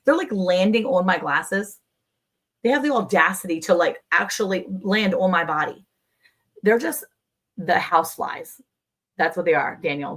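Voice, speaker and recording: A woman co-hosting a livestream, talking casually and telling stories in an animated, chatty way. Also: lowish voice. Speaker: livestream co-host. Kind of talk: casual chat.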